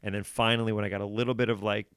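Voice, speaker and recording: A man in his forties, a comedian guest on a podcast, telling animated stories and acting out what people said. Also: on the low side, very fast, clean tone, no echo, studio quality. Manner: animated storytelling, acts out quotes. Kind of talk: casual podcast conversation.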